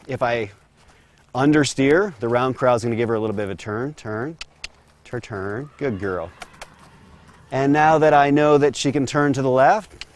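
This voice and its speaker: In an outdoor round corral, a man demonstrates horse training calmly and steadily as he works the animal. He talks briskly at a medium pitch, with a little hiss or hum in the recording.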